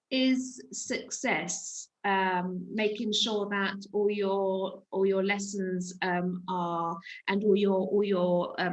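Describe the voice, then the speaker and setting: A woman teacher answering interview questions over a video call in an animated way, often stopping and restarting. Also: mid-range voice. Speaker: teacher and author, interview guest. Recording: roomy echo on a video call.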